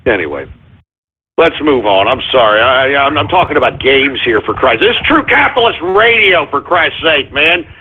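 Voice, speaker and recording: A man hosting a comedic call-in radio show, ranting frantically, swearing and shouting apologies over and over. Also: mid-range voice, very animated, moderate pace, breathy edge. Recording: tinny phone-like audio.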